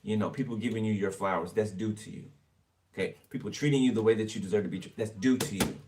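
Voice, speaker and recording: A man with a fairly low voice gives a casual tarot reading, naming cards and commenting in a chatty, blunt way with the occasional curse. He sounds set back from a distant mic, with a faint hiss in the background. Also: fast talker. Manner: chatty, blunt, swears and laughs freely. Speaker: tarot reader.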